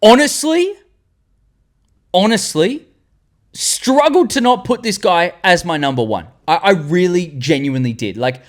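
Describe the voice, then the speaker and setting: A young Australian man in his twenties, hosting a fan tier-list vlog and rambling excitedly with the odd swear word. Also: high voice, normal speed. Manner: animated, rambling, swearing, loses words mid-sentence. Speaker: channel host.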